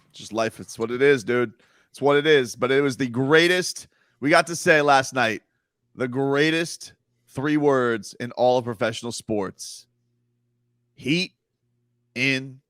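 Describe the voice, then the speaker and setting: A man's voice: medium pitch, takes it slowly, pauses often, a bit bright, dry recording, clean studio sound. A man hosting sports talk radio, mocking rival players in a playful, rhyming way. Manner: mocking, rhyming trash talk with put-on whiny voices.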